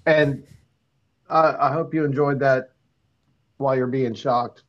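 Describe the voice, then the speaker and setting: A man's voice: mid-range voice, fairly even intonation, moderate pace. A man calling in to a talk show, telling a rambling story with many ums and restarts over a phone. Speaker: caller. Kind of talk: casual call-in chat. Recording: dull lo-fi phone audio.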